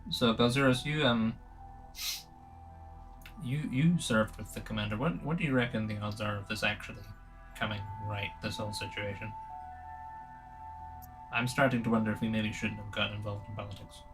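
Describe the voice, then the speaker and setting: A man doing a wary soldier in a tabletop game, murmuring his doubts hesitantly in a soft, low voice. The tone is bright and clear. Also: steady tone, normal speed, long pauses, distant mic, soft background music, close to an everyday voice, poor audio. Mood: uneasy. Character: wary, uneasy male soldier.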